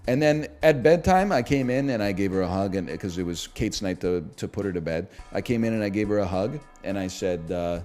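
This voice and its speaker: A man streaming live and chatting casually, joking and swinging from muttered asides to loud, animated rants. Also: lowish voice, brisk, few pauses, soft background music.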